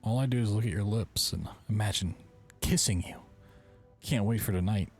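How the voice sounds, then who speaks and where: Low-voiced man reading game letters wryly. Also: normal speed, darkish tone, soft background music. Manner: reads letters aloud with wry, joking asides. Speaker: gaming video host. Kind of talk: game playthrough commentary.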